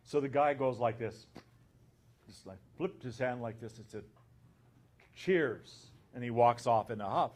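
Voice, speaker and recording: A man who is an abbot, telling an anecdote in a conference talk and recounting the dialogue in an unhurried way. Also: medium pitch.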